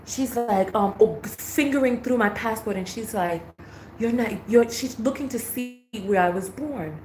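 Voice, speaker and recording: A woman from New York telling a travel story in a casual vlog, animated, laughing often and acting out dialogue. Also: on the high side, reverberant, a little hiss or hum. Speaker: travel vlogger.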